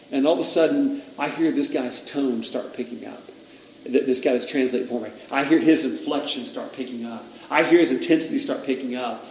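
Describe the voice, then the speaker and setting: A man's voice: medium pitch, brisk, slight background noise. Man preaching in an echoey hall. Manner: animated storytelling, quoting others with rising intensity. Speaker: pastor. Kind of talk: sermon. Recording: echoey hall, voice from a distance, faint ambience.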